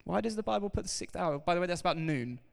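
A man preaching a sermon to his congregation, animated and emphatic, talking straight to the people in front of him. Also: sits high, quick pace, creaky. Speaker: pastor. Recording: reverberant hall.

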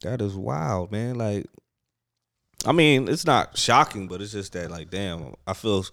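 A man chatting casually in a relaxed, slangy way with many fillers. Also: lowish voice, a little slow, vocal fry, no echo, studio quality. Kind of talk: casual chat.

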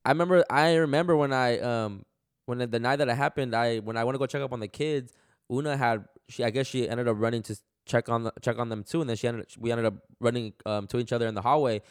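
Fast-talking slangy man, smooth voice. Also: mid-range voice, no room sound, clean studio sound. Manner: animated, slangy, retells dialogue. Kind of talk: casual conversation, storytelling.

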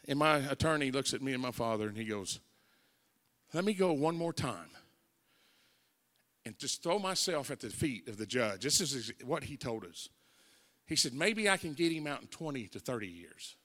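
An older man preaching a folksy testimony sermon as an evangelist, telling stories and rising into shouted preaching. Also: medium pitch, big pitch swings, normal speed. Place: church sanctuary. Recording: long church hall reverb.

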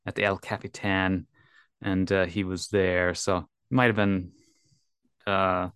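A man's voice: low-pitched, steady tone, unhurried, fairly bright tone, clean tone, dry recording, studio quality. A man co-hosting a casual podcast, telling a story in a rambling way with lots of fillers. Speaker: podcast co-host. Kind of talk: casual chat.

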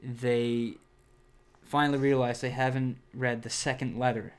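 A man's voice: medium pitch, level tone, measured pace, smooth. A man reading a children's horror book aloud, then chatting casually about it with fillers and restarts. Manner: plain read-aloud with hesitant fillers in chat.

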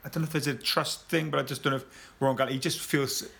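A man with a bright, forceful voice chats about rugby. He rambles and stammers and keeps restarting his sentences. His delivery is animated, and he laughs easily. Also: mid-range voice, fast, vocal fry. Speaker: rugby pundit. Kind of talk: casual sports discussion.

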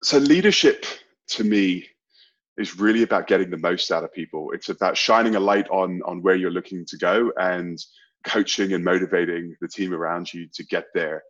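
A man's voice: deep voice, normal speed, a bit bright, lo-fi sound. A man from Bermuda with a British accent and an American twang, an earnest podcast guest on a call. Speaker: guest, sales executive. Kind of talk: casual interview chat. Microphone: remote call.

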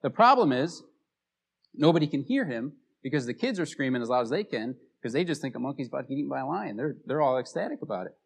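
A man's voice: mid-range voice, sing-song, fast talker, creaky, breathy edge. A man preaching a sermon as a pastor, telling stories in a casual, conversational way.

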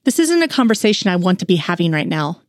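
A woman voicing a stern, gruff male FBI supervisor who speaks curtly in an audiobook-style fan fiction reading. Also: fairly low pitch, sing-song, quick pace, no echo, clean studio sound. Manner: growling, curt.

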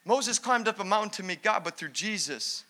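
Fired-up bright-voiced male preacher. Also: high voice, animated, normal speed. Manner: fired-up, emphatic preaching with repetition. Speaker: pastor. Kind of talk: sermon.

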